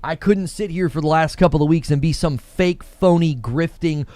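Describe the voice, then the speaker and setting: A man's voice: a little high, normal speed, hardly any pauses, darkish tone, no room sound, soft background music. A man hosting a gaming live stream, giving heated, emphatic commentary and repeating phrases for effect. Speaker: gaming channel host.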